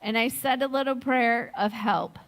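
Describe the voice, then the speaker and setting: A middle-aged woman giving a sermon, slow and reflective, telling a personal story with gentle laughs. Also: a little high. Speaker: speaker at a Sunday service.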